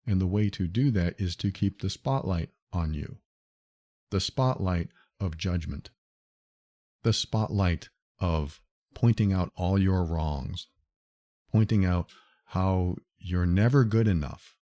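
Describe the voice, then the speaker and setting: A man's voice: low voice, slow pace, dark tone, no echo, studio quality. A man hosting a solo podcast, talking earnestly and directly to the listener as he explains. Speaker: podcast host.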